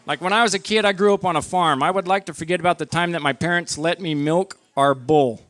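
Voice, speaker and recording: A middle-aged man performing a stand-up comedy set at a barbecue lounge, telling stories in a deadpan way and acting out his own lines. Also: a little high, fast talker, no echo.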